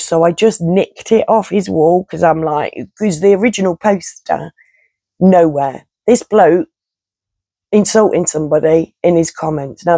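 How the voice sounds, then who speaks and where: A woman's voice: fairly low pitch, warm tone, no room sound. A woman, ranting bluntly and chattily to her viewers, swearing and laughing as she goes. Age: 50s. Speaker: vlogger. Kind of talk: casual rant to camera.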